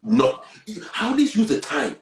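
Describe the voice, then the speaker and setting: A man, earnestly sharing a personal testimony and swinging between hushed and loud. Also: high-pitched, big pitch swings, measured pace, reverberant, rough recording. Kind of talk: candid testimony on a talk show.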